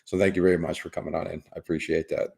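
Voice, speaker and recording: A middle-aged man with a low voice hosts a laid-back livestream, reading chat aloud in a loose, rambling way. His tone is rough and gravelly, and he teases viewers and chuckles often. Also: flat delivery, rapid-fire, a little mellow. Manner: rambling, teasing, chuckles often, repeats words. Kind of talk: casual chat.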